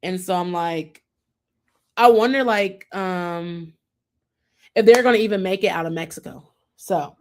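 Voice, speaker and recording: A woman's voice: on the low side, measured pace, pauses often. A young adult woman hosting a casual TV recap show, talking in a chatty, rambling way and mimicking the people she describes. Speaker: podcast host.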